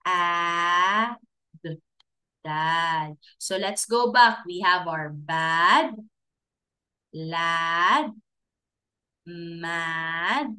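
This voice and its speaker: A woman teaching a recorded preschool class, talking slowly and sounding out letters step by step for small children. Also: medium pitch, fairly bright tone. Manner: slow, sounding out letters and giving simple steps.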